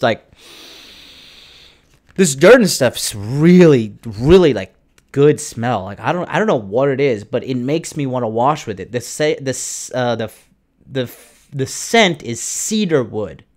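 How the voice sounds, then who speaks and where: Profane, rambling male livestream host. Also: mid-range voice. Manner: profane, rambling, loose and boastful. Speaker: dating coach and livestream host. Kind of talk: casual livestream chat, reading viewer comments. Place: his home in Tokyo.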